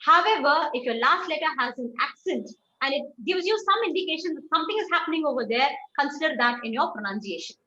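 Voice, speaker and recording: A woman's voice: high-pitched, lively intonation, quick pace, few pauses, bright, forceful tone, reverberant, highs cut off. A woman teaching a French pronunciation class online, explaining patiently step by step and often checking that learners follow.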